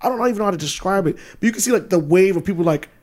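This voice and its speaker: A man co-hosting a podcast, chatting casually with loose, profane, animated storytelling. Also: sits high, rapid-fire, a crowd in the background. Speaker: podcast co-host.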